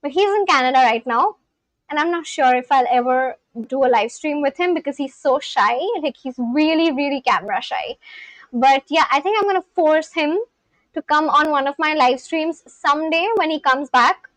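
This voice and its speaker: Woman live streamer, high voice, dry close mic, rambly and chatty with viewers. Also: moderate pace, a bit bright, no echo, rough recording. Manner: chatty, reads and answers chat. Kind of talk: casual live-stream chat.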